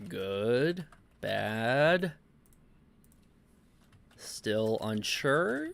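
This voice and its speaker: Regular-pitched guy doing reaction commentary, lots of ums and stuttery restarts. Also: sing-song, vocal fry, fairly bright tone. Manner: halting, filler-heavy, stuttering restarts. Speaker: commentary YouTuber.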